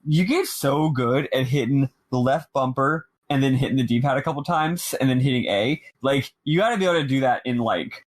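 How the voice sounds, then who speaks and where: Laughing, animated male podcast co-host. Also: medium pitch, no room sound. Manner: animated, laughs often, quick asides. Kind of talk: casual chat.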